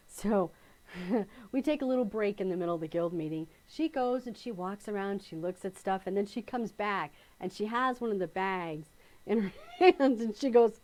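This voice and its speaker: A woman's voice: mid-range voice, darkish tone. A middle-aged woman teaching quilting, chatting casually on a live stream, telling stories with frequent laughter and reading out viewer comments. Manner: chatty storyteller, laughs often, reads out comments.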